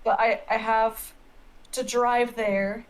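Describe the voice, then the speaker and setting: A woman player chatting softly before a tabletop game on a voice call. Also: a little high, flat delivery, slow pace, rough recording.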